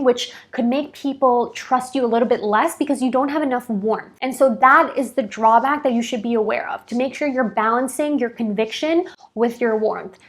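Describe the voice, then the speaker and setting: A woman hosting a video, explaining in a casual, direct way to the viewer. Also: fairly high pitch. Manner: direct, animated, addresses the viewer. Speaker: video host.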